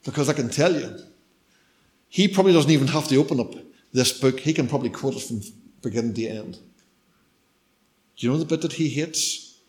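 A middle-aged man preaching a sermon, telling a story in turns that range from emphatic to hushed and nearly whispered. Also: mid-range voice, a little fast, long pauses. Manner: storytelling, shifts between loud emphasis and hushed near-whispers.

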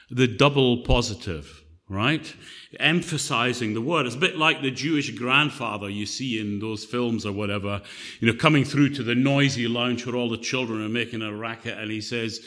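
Guy preaching, chatty and jokey, bright forceful tone. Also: medium pitch, normal speed. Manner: conversational, joking storyteller. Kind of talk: sermon.

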